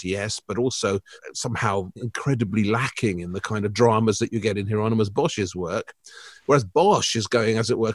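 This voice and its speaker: A man's voice: on the low side, no room sound. Guy hosting an art podcast, jokey and theatrical, dry close mic. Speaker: podcast co-host. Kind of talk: casual chat.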